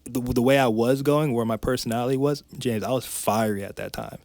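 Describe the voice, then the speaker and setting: Speaking briskly in a mid-range, darkish voice with fairly even intonation, a man shares a personal story as a podcast guest and life coach. He's frank, heartfelt and emotional, with tumbling phrases and restarts. The recording is dry and close, without echo.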